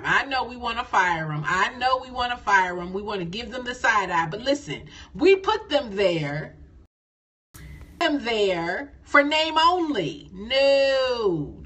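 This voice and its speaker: A middle-aged woman coaching nonprofits on a phone live stream, lively and folksy, repeating phrases for emphasis. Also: medium pitch, breathy edge.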